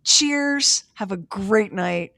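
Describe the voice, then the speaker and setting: A woman's voice: medium pitch, lively intonation, extremely slow, creaky, bright, forceful tone, no echo, clean studio sound. A woman hosting a podcast, chatting casually in a wry, drawling way. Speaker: podcast host. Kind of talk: casual chat.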